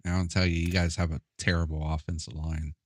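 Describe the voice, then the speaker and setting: A man's voice: deep voice, level tone, fast talker, slight background noise. A young man chatting casually while playing a football video game, laid-back, profane and often laughing. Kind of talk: casual gameplay chat.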